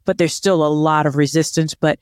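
A woman's voice: low voice, steady tone, a little fast, darkish tone, smooth, dry recording, studio quality. Earnest, emphatic woman co-host. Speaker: podcast co-host. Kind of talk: casual chat.

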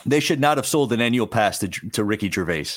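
A man's voice: fairly low pitch, expressive, brisk. A man from Florida, a guest on a podcast, trading playful jokes in casual banter. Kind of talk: casual chat.

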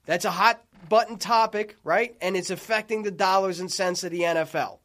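A man's voice: high voice, a bit bright. A man hosting a sports talk radio show, ranting with heat and a lot of cursing. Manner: profane, fired-up, rapid ranting.

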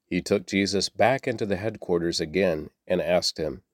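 A man reading scripture aloud in a very low voice. He keeps a steady pace, now and then repeating a word or correcting himself, and the sound is dry and close. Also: moderate pace, no echo. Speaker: Bible reader.

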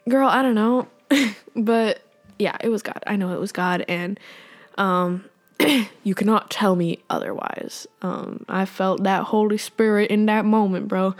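A young woman talks off the cuff on her own podcast, rambling from thought to thought with lots of fillers. Her voice sits at an ordinary middle pitch, and she slips in small laughs as she goes. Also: a little mellow. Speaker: podcast host. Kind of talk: casual faith podcast monologue.

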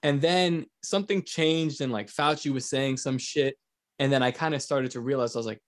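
A man's voice: mid-range voice, normal speed. A man hosting a podcast, telling stories in a casual, crude way and laughing often. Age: adult with young kids. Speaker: podcast host. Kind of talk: casual chat.

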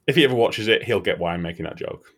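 A man's voice: fairly low pitch, quick pace. A man telling a crude comic story in casual chat, swearing freely. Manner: animated, swearing, laughing storyteller.

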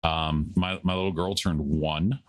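A man's voice: deep voice, fairly even intonation, unhurried, dry recording, faint music behind. A man in his thirties co-hosting a podcast in casual chat, rambling and jokey, poking fun at himself. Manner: rambling, jokey, self-deprecating. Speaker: podcast co-host.

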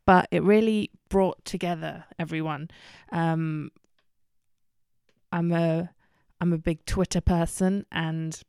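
Slow-talking woman podcast host. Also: lowish voice, fairly even intonation, a little mellow, clear, resonant tone, no echo, studio quality. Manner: chatty, candid, many ums and self-corrections. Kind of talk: casual solo podcast chat.

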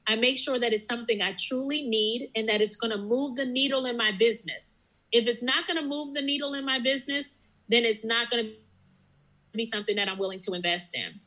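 Bright-voiced businesswoman sharing lessons. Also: fairly high pitch, a little fast, low-quality recording. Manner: earnest, reflective storytelling. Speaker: business owner and guest. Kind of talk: interview conversation.

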